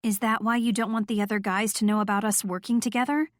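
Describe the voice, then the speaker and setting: A woman narrating a first-person romance audiobook in a steady, clear storytelling voice. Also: mid-range voice, quick pace, no room sound, clean studio sound.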